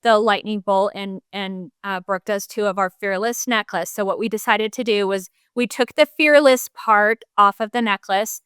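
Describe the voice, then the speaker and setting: Bright, crystal-clear woman podcast co-host. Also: mid-range voice, moderate pace, few pauses, no echo, studio quality. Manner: chatty, warm interviewer tone, lots of "like" and "you know". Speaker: mother. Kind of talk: casual podcast conversation.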